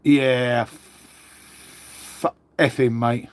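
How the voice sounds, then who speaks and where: A man's voice: mid-range voice, little pitch movement, very slow, clean tone. An adult man, hosting a casual livestream and chatting with viewers, blunt and sweary, calling everyone "mate". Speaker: livestream host.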